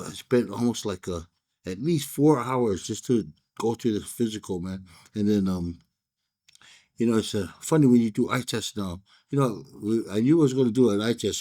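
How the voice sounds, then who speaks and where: A man's voice: low voice, a little mellow. A man with a Hawaiian pidgin accent, chatting casually and telling a rambling story while reviewing a cigar, full of fillers and restarts. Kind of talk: casual chat.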